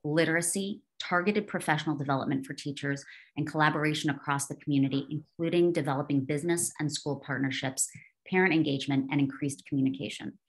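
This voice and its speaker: Brisk woman reading an introduction. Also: sits low, steady tone. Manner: brisk, formal. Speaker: emcee.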